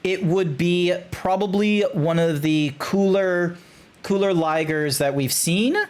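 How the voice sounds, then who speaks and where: A man's voice: high voice, takes it slowly. A man streaming live, rating fan character art in a loose, rambling way, often restarting, swearing and laughing. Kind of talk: casual live-stream commentary.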